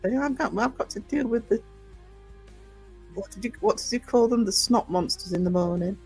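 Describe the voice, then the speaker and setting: A man's voice: high voice, normal speed, darkish tone, husky, faint music behind. A man hosting a casual livestream, rambling through viewer comments with lots of ums and restarts. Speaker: livestream host and small publisher.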